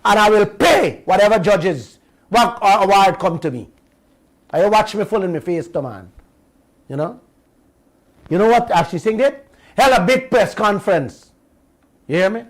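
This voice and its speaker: A man with a Guyanese accent hosting a radio talk show, telling stories in an animated, indignant way and repeating himself. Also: high-pitched, unhurried, pauses often, rough recording. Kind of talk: heated talk radio monologue.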